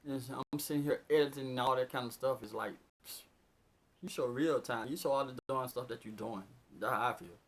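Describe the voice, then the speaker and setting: A man doing a casual, unedited news vlog. He reads the headlines haltingly, then drifts into loose, excitable asides. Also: mid-range voice. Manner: reads news items aloud, then riffs on them excitedly. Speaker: vlogger reading news. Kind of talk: casual unscripted commentary.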